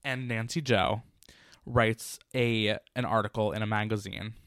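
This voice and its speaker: Brief: bright, sharp-toned co-host, loose and rambling, tight dry recording. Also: mid-range voice, steady tone, unhurried, clear, resonant tone, no echo. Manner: rambling, searching for words, many "like" fillers. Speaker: podcast co-host. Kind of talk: casual chat.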